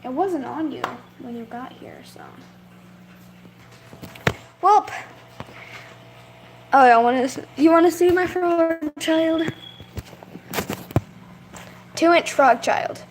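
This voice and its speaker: A woman's voice: high voice, takes it slowly, pauses often. A young woman chatting casually in a vlog, rambling about her pets and stopping to coo at them. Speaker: vlogger.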